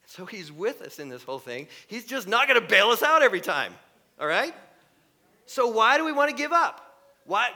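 A middle-aged man preaching a sermon, animated and shifting into mocking voices with sudden loud bursts. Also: high-pitched, normal speed. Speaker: pastor.

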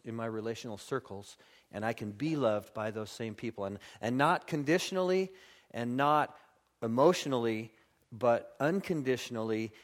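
A man delivers a sermon in a church, reading from scripture and explaining it plainly. He keeps it animated, jumping into playful voices to act out everyday scenes. His pitch sits in a normal middle range for a man. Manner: animated, acts out little scenes in funny voices. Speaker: pastor.

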